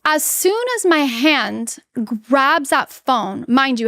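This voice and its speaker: A woman guest earnestly telling a personal story in a podcast interview, halting often with restarts and fillers. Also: high-pitched, animated, fairly bright tone, dry recording.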